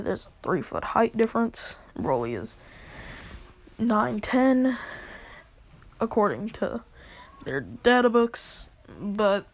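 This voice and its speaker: A woman rambles through a fan story in an unhurried, casual way. She fills the gaps with "like" and "uh". Her pitch jumps around expressively. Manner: rambling, full of fillers and asides. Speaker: storyteller making a video.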